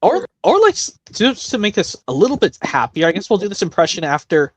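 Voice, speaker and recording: A man hosting a casual impressions stream, rambling with restarts and quick bursts of talk. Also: high-pitched, wildly swooping pitch, breathy edge, no echo. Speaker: stream host doing voice impressions.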